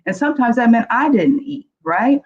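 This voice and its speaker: A woman's voice: on the high side, sing-song, moderate pace. Frank middle-aged woman on a dull call. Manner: frank, earnest, conversational. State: emotional. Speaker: guest panelist. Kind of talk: candid personal storytelling. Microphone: video call.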